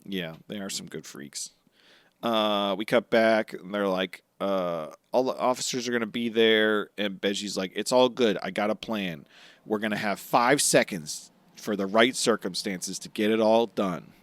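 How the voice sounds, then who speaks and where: A man co-hosting a podcast, recapping a comic casually and jumping into high voices for the characters' lines. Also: unhurried, no room sound. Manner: animated storytelling, acts out characters' lines in sudden high voices. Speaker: podcast co-host.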